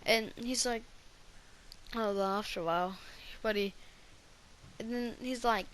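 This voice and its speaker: Bright-voiced woman rambling through a story. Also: fairly high pitch, fairly even intonation, measured pace, a little hiss or hum. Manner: rambling, with many restarts and fillers. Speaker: vlogger. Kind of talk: casual storytime.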